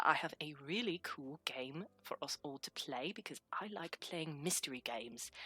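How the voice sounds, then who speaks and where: A woman's voice: low voice, pushed and bright, no echo, exaggerated voice. A woman doing a prim, playfully mean professor. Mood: cheerful. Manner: proper-ish teacherly address with a slipping put-on accent.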